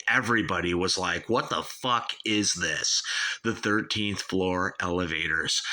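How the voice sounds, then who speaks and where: A man's voice: deep voice, sharp tone. A man, rambling casually through an album review and calling his listeners "you guys" and "dude". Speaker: album reviewer, show host.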